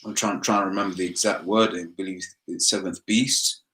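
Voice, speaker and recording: A man's voice: low voice, fairly even intonation, a little fast, pushed and bright. A man in casual discussion who talks hesitantly, with many fillers and restarts.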